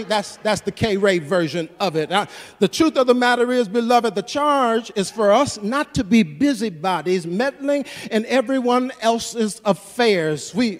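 Male pastor, high voice, preaching call-and-response, church reverb. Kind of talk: sermon.

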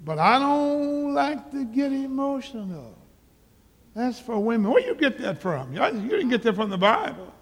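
A male pastor preaching a sermon, emphatic, repeating words and rising to loud exhortation. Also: high-pitched. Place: large church auditorium. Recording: church hall with long reverb.

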